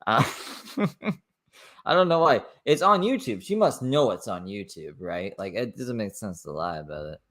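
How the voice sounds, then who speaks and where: A man's voice: on the low side, animated, measured pace, a bit bright. Sarcastic man reacting to clips. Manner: sarcastic, mocking asides. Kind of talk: reaction commentary.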